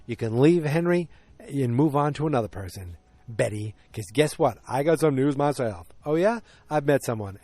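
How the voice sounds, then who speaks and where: A man's voice: mid-range voice, darkish tone, no echo. Chatty man recapping, acting out lines. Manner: chatty, acts out character lines with shifting voices. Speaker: podcast host. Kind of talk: solo casual recap podcast.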